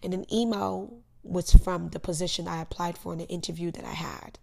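Young woman podcast host, low gravelly voice, earnest heartfelt monologue with loud bursts and hushed asides. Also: steady tone, fairly quick. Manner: earnest, emotional storytelling with sudden loud bursts and soft asides. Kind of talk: personal motivational monologue.

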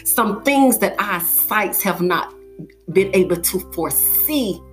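A woman's voice: mid-range voice, expressive, slow, soft background music. A young woman hosting a podcast, telling a personal story in an earnest, heartfelt motivational monologue. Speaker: podcast host.

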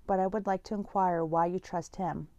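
Mysterious hidden voice done by a woman, hushed, formal, probing, dark low tone. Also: steady tone, normal speed, no echo, muffled recording, close to an everyday voice.

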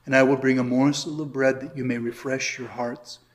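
A man's voice: medium pitch, fairly even intonation, fairly quick. A man, a priest, giving an informal catechism class, explaining in a chatty way with asides and reading scripture aloud. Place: church hall or classroom. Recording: echoey room.

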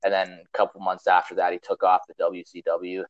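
A man's voice: low voice, monotone, fairly quick, dry recording, dull audio. A man hosting a podcast, telling a long story in a casual, rambling, profane way with lots of fillers. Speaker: podcast host.

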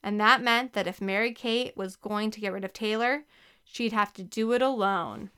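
A woman narrating a children's book with a lively, expressive reading. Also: mid-range voice, moderate pace, clean tone. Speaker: audiobook narrator. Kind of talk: scripted narration.

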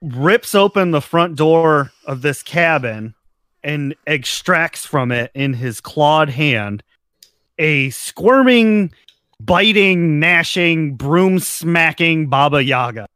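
A man serving as game master, narrating a tabletop game in measured, drawn-out phrases. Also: a little high, lively intonation, pushed and bright, clear, resonant tone, no room sound, clean studio sound.

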